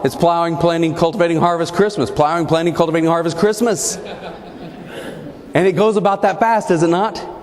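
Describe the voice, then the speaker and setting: A man giving a humorous motivational speech as a keynote speaker, an animated storyteller with punchy comic timing, in a large event hall. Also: high voice. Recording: echoey hall, faint room noise.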